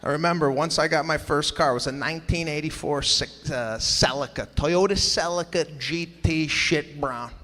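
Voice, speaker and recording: Animated male stand-up comic, live hall. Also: fairly high pitch, moderate pace, few pauses, slight background noise. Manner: animated, exasperated storytelling with acted-out voices. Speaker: stand-up comedian. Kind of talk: stand-up comedy set. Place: large theater with a live audience. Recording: live hall recording with crowd laughter.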